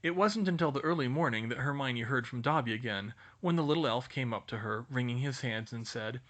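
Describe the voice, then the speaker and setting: A man reading a fan-fiction story aloud with expressive storytelling. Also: medium pitch, brisk, few pauses. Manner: expressive storytelling, voices each character. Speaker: reader.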